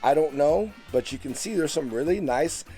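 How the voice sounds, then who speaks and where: A man vlogging outdoors beside his backyard koi pond, talking casually and eagerly into a handheld phone camera, his voice jumping up on the exciting bits. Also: normal speed, soft background music. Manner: enthusiastic, chatty, pitch jumps up on exciting points. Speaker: fish keeper vlogger. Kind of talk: casual show-and-tell vlog.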